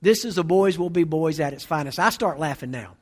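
A man in his forties, a pastor preaching a sermon, telling a humorous story in an animated way. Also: fairly high pitch, brisk. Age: 40s.

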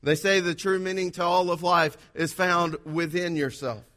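A man with a high voice delivers a sermon. He preaches with energy and drama, acting out quoted speech as he goes. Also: fairly even intonation, moderate pace, pushed and bright. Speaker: pastor.

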